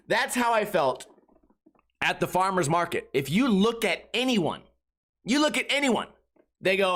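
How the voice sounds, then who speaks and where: A man's voice: high-pitched, sing-song, normal speed, pauses often, fairly bright tone. A man hosting a podcast, telling stories in a profane, exasperated, comedic rant. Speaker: podcast host.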